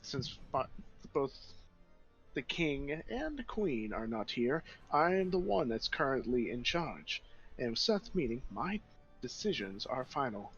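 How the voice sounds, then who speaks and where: A man's voice: mid-range voice, very animated, unhurried, a bit bright, muffled recording, faint music behind. A man voicing a stern young princess in a tabletop game, firm and formal.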